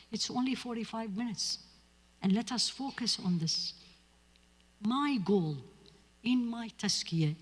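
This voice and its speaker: Husky-voiced woman lecturing in a hall. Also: medium pitch. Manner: earnest, emphatic, direct address to audience. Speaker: lecturer on Islamic spirituality. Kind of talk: mosque lecture. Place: mosque hall.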